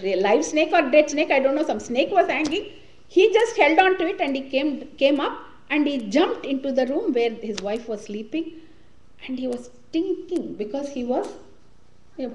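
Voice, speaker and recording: A woman leading a devotional class and telling a story in a lively way, sprinkling in Hindi words. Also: high-pitched, slight background noise. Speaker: spiritual class leader. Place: community hall or temple room. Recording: echoey room recording.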